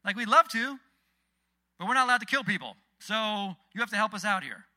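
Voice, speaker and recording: A man's voice: sits high, a little fast, pushed and bright, pitched above the performer's own voice. A man voicing a group of pushy accusers who plead for help. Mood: insistent. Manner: pleading, insistent.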